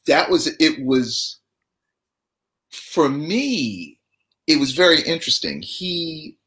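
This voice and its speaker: A man telling theater anecdotes as a talk show guest, acting out the quotes as he goes. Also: mid-range voice. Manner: animated storyteller, acts out quotes.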